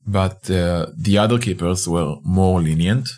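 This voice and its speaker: A man's voice: low-pitched, unhurried, a little mellow. A man narrating a fiction podcast in the first person, speaking in a conversational, hesitant way with frequent restarts.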